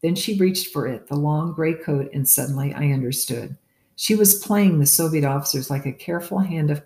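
A measured audiobook narrator telling a first-person story at a middling pitch. The reading is even and unhurried. A roomy echo hangs around the voice. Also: vocal fry.

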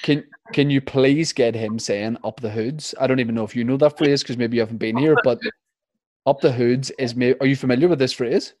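A man's voice: medium pitch, fairly quick, a little mellow, no echo, clean studio sound. A man with a Northern Irish accent hosting a casual interview, chatty and rambling with lots of fillers.

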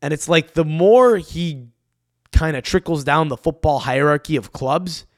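A young man hosting a solo podcast, ranting in a profane, animated way into a close mic. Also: fairly high pitch, a little slow, no echo. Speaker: podcast host.

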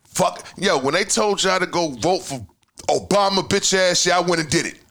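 A man hosting a podcast, talking heatedly in casual chat, swearing freely and swinging between loud outbursts and mutters. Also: high-pitched, animated, normal speed. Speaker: podcast host.

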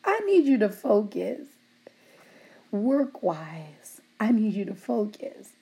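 A middle-aged woman who supervises a work team, giving them affectionate shout-outs and teasing them while laughing often. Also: mid-range voice, big pitch swings, takes it slowly, gravelly, slightly rough.

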